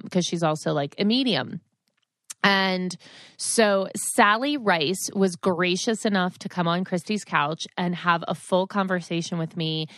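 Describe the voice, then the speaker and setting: Casual podcast host lady, 40s, rambly and chatty, mid pitch, super dry close sound. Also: fairly bright tone, no room sound. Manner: chatty, rambling storyteller full of "like" and asides.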